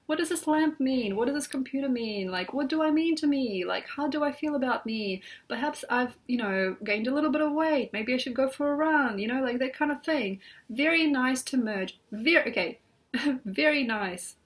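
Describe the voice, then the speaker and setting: A woman astrologer talking casually and reflectively from her bed at home, rambling with many "like" and "you know" fillers. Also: high voice. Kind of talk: casual spoken astrology talk.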